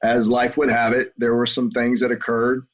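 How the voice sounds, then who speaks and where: A middle-aged man with a Southern American accent, telling his story as a podcast guest in an earnest, halting way with frequent restarts. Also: medium pitch, monotone. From Southern United States. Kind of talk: conversational storytelling. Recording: muffled lo-fi audio.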